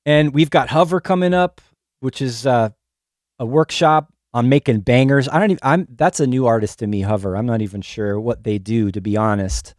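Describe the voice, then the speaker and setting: A man's voice: mid-range voice, normal speed, darkish tone, no room sound. A man hosting a casual livestream from a music studio, greeting viewers and chatting loosely. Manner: chatty, reads out chat names. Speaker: livestream host. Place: music studio in New York. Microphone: headphones on, studio mic. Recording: music playing behind the voice. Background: electronic music.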